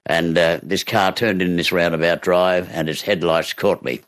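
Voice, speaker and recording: A man's voice: deep voice, fairly even intonation, moderate pace. An Australian man, an interview guest and actor, telling stories from his past in a reflective way, acting out voices and laughing along. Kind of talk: reflective storytelling.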